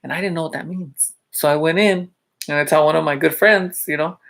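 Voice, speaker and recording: Gravelly-voiced male teacher telling stories. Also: a little high, a little fast, a bit bright. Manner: chatty, with many fillers and check-ins to viewers; laughs while telling stories. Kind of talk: casual storytelling vlog.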